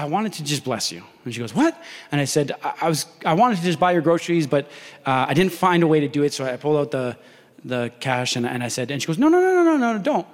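Young male pastor, slightly high voice, animated storytelling sermon in a reverberant hall. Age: young adult. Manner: animated, acts out dialogue in story.

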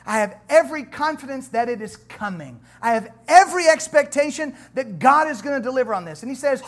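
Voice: sits high, a little fast, hardly any pauses. A pastor preaching a sermon, joking with the congregation and reading scripture aloud with rising emphasis. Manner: animated, conversational preaching with humor and asides to the congregation. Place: church.

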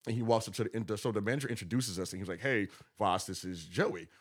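A man's voice: lowish voice, fast, husky. A man from Texas, a guest promoter telling stories casually and acting out what people said. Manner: animated, acts out quotes with laughter. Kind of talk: casual storytelling.

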